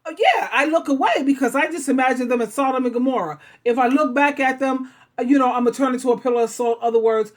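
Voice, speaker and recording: A woman's voice: high voice, fast, hardly any pauses. A woman hosting a casual relationship talk, speaking bluntly with a sassy, teasing edge. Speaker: talk show host.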